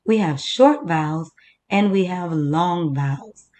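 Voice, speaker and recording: A woman teacher leading a first-grade reading lesson, slowly sounding out words for young children. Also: fairly low pitch, a little mellow.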